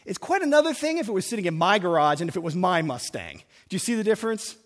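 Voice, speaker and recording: A man preaching a sermon in a church, building lines up with dramatic pauses and punching single words. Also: high voice, very animated. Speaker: pastor. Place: large church hall. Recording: reverberant sanctuary sound.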